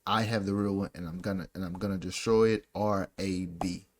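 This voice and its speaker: A young adult man co-hosting a casual chat, talking in an animated, slangy way and ranting about a story. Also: low voice, brisk. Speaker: podcast co-host.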